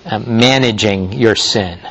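Slow-speaking male pastor. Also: fairly low pitch, fairly bright tone, poor audio. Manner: measured teaching delivery with frequent restarts. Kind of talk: sermon.

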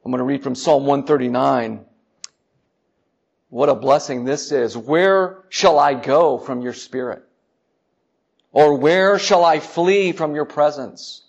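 Male preacher, gravelly, slow deliberate delivery, earnest, lo-fi church recording. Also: medium pitch. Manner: earnest, repeats words, drops to soft tones for emphasis. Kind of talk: sermon. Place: church sanctuary. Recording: dull lo-fi church sermon recording.

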